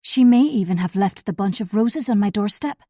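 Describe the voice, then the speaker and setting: Mellow-toned woman narrating a thriller. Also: mid-range voice, animated, normal speed, no room sound, studio quality. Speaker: audiobook narrator. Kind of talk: scripted first-person audiobook narration.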